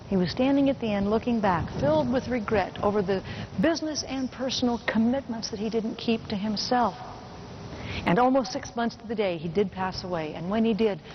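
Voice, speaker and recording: A middle-aged woman giving a motivational keynote speech to a business audience, telling a personal story and slowing down to stress key points. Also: medium pitch. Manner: personal storytelling, slows down for emphasis. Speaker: motivational speaker. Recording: muffled recording with faint hiss.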